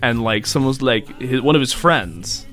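A man's voice: mid-range voice, expressive, normal speed, a bit bright, soft background music. A man co-hosting a podcast in casual chat, playful and laughing as he spins silly stories. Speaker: podcast co-host.

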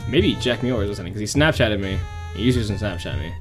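A man's voice: fairly low pitch, animated, racing, music in the background. A young man co-hosting a college radio show, joking and teasing his co-host. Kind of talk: casual radio chat.

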